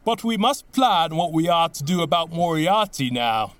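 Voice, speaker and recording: A man reading an audiobook, voicing a brisk, cool-headed middle-aged detective with a dry, measured manner. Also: a little high, sing-song, fairly bright tone, dry recording, voice pushed up. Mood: assured.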